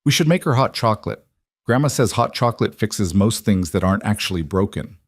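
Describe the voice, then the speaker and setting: A man's voice: on the low side, expressive, fairly quick, no room sound, studio quality. A man voicing a serious, caring little girl who talks earnestly. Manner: serious, eager.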